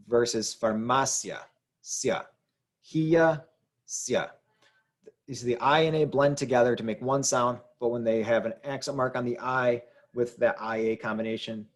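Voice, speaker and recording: A man teaching a lesson, explaining rules patiently and repeating key points. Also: mid-range voice. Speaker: Spanish teacher. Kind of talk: classroom explanation.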